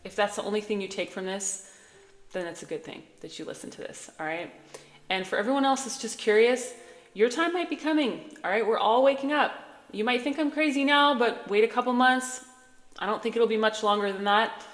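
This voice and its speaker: A woman with a mid-range voice offers spiritual guidance as a channeler, speaking straight to her listeners. She's earnest, conversational, and reassuring, with fillers and asides. The recording is in an echoey room with long reverb.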